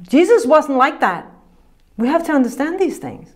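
A woman preaching a sermon in a lively, conversational way, acting out quotes and laughing often. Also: high voice, normal speed.

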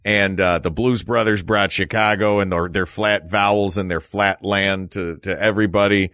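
A man hosting a podcast, chatting and joking in an animated way. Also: low-pitched, normal speed, dry recording. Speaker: podcast host. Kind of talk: casual chat.

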